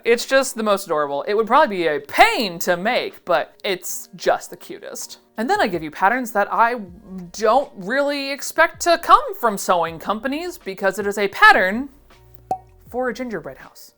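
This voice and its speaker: A woman in her thirties from Ohio talks through a casual vlog, giggly and self-deprecating. Her pitch swoops up and down all the time. Faint music plays underneath. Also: big pitch swings, normal speed, a bit bright. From Ohio, USA. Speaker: vintage pattern seller and vlogger.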